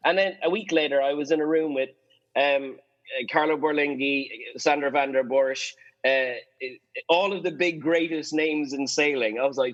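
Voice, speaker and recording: An Irish man, a guest on a podcast, telling stories in a casual, lively way and acting out the voices of people he quotes. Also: fairly high pitch, moderate pace, lo-fi sound. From Ireland. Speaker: guest, sailing photographer.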